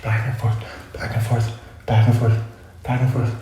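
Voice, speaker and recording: Young guy vlogging a story, mellow low voice, echoey room, keeps correcting himself. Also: monotone, moderate pace. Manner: rambling, self-correcting, reflective. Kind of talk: casual storytelling monologue. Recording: very echoey room, faint noise.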